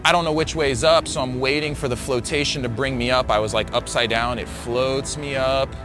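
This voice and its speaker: A man telling the story of a surfing wipeout in a casual, halting way, full of fillers and quoted thoughts. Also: mid-range voice, fairly even intonation, over music. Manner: vivid, halting retelling with many fillers and self-quotes. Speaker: surfer recounting a wipeout.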